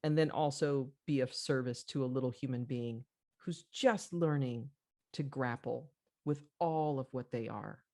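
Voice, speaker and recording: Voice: medium pitch, unhurried, dark tone. A podcast host telling a story in an earnest, reflective conversational way, with frequent fillers.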